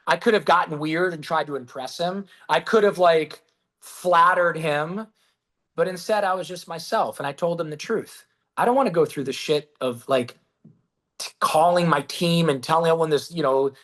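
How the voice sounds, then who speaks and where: Animated man telling a story. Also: on the high side. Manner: animated, swears casually, acts out quotes. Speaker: guest, business founder. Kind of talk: storytelling in a podcast interview.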